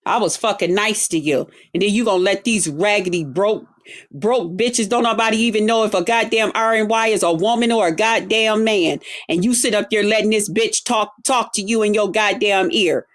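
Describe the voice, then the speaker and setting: Speaking at normal speed in a mid-range voice, a woman streamer lashes out at her audience. The rant is angry and confrontational, packed with profanity and emphatically stretched-out words.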